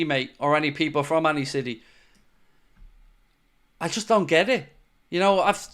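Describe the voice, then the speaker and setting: A young Irish man hosting a live football fan stream, chatting casually and reading comments with animated, playfully defiant energy. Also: on the high side. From Ireland. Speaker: fan channel host reading live chat.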